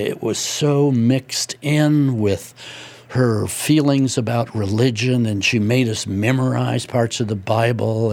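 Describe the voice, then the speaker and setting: A man's voice: mid-range voice, darkish tone. An older man from Indianapolis, an author being interviewed, telling rambling folksy anecdotes with many fillers. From Indianapolis, USA. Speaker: author guest. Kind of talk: conversational storytelling.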